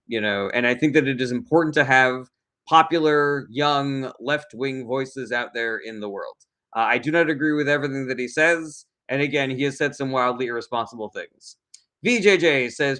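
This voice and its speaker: A man streaming live who reads viewer messages aloud and fires back quick, blunt answers. His voice sits at an ordinary pitch, and he talks casually with plenty of fillers. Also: pushed and bright. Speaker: streamer answering chat questions.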